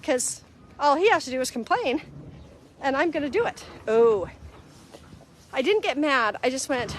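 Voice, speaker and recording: A woman's voice: sits high, animated, a little slow, pauses often, a little hiss or hum. A middle-aged woman hosting a casual live-stream talk, earnest and conversational, acting out little quoted exchanges as she goes. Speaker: host.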